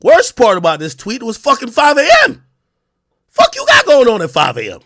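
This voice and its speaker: A man's voice: very high voice, huge pitch swings, moderate pace, pushed and bright, no room sound, studio quality. A man on a livestream, delivering a heated, mocking, profane rant.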